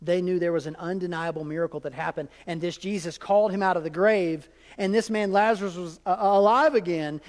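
High-voiced pastor preaching in a reverberant hall. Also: male voice, fairly quick, few pauses. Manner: conversational preaching with asides to the congregation. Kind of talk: sermon. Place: church sanctuary. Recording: long reverb of a church hall.

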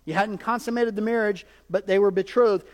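A male pastor preaching a sermon in an animated, conversational way, often checking in with his congregation. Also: high-pitched, fairly quick. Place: large church hall. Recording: hall reverb.

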